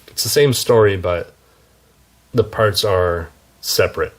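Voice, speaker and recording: A man reviewing books in a casual, chatty way, with wry asides and frequent self-corrections. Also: fairly low pitch. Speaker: book reviewer. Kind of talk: casual book review talk.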